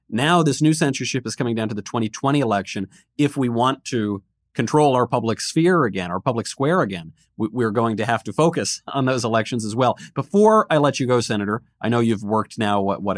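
A man's voice: mid-range voice, dry recording, clean studio sound. A man hosting a political podcast, bantering with his guest and reading out listener questions in an upbeat way. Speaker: podcast host. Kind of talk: casual political podcast chat.

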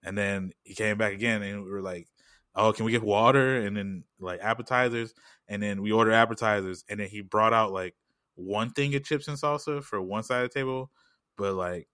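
A man rattles through a casual story at a quick clip, with lots of slang and filler. His voice sits a little low but sounds bright and forward. The sound is dry and close. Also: steady tone, clean tone, no room sound. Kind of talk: casual chat.

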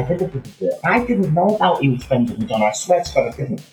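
Animated storyteller, slightly high voice. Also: male voice, fast talker, few pauses, echoey room, soft background music, poor audio. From England. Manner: animated anecdotal storytelling with many asides. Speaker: guest. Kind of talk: casual chat.

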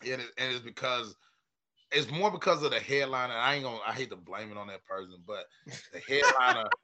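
Comedian guy telling road stories, bright forceful voice, cussing, acting out bits. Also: mid-range voice, brisk. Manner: animated, profane, acts out quoted voices loudly. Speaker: stand-up comedian, podcast guest. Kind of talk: casual storytelling chat.

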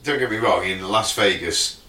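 A man's voice: fairly low pitch, normal speed. An English man co-hosting a podcast, teasing his friends and swearing freely. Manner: teasing, swears a lot, lively. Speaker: podcast co-host. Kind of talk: casual banter. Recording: echoey room, mic far off.

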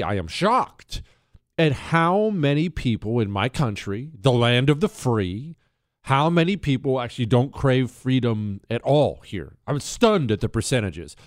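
A man's voice: mid-range voice, dry recording, clean studio sound. A man hosting a talk radio show, delivering an emphatic monologue full of rhetorical questions. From Texas.

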